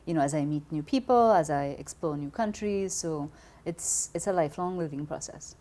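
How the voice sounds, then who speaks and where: A woman with a Trinidadian accent, talking as an interview guest in an expressive, conversational way, often repeating words as she starts a thought. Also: low voice, normal speed. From Trinidad and Tobago.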